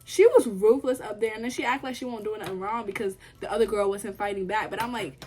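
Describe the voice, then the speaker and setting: Talking to camera about the shows she's been watching, a young woman from the United States is emphatic and tends to say things twice. She speaks fast in a mid-range, somewhat dark voice.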